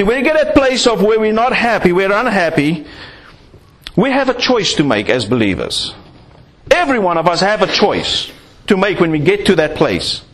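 A man's voice: high-pitched, fairly bright tone. A man preaching a sermon, acting out little scenes to make his points. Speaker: pastor.

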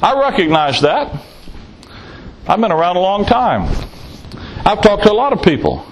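A man's voice: high-pitched, sing-song, moderate pace, a little hiss or hum, poor audio. A man preaching a sermon in a blunt, folksy way, teasing his listeners and firing off rhetorical questions.

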